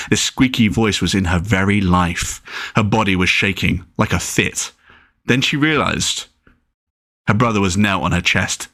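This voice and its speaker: A man narrating a chapter of his own novel as an audiobook, relaxed and with occasional slips. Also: lowish voice, dry recording, studio quality.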